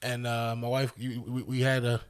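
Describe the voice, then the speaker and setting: A man's voice: medium pitch, little pitch movement, moderate pace, smooth. Upbeat man co-hosting a podcast. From Northeastern United States. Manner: upbeat, greets listeners as family, repeats words. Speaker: podcast co-host. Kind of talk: casual chat.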